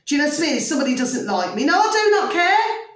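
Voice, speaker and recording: A woman's voice: high-pitched, very animated, fast talker, far from the mic. Woman, vlog rant, emphatic, keeps checking the viewer follows, heavy echo. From United Kingdom. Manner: emphatic, ranting, keeps asking "do you see what I'm saying". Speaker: vlogger. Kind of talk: opinionated monologue to camera.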